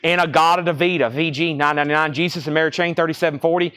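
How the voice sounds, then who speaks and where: A man with a Southern US accent runs a live-stream record sale in a record shop, rattling off titles, conditions and prices. His voice is a little high, bright and smooth, racing along with fairly even intonation.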